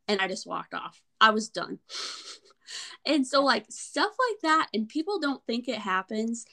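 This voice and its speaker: A young woman co-hosting a podcast, telling a story in an animated, exasperated way. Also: a little high, measured pace. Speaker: podcast co-host. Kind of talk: storytelling in casual chat.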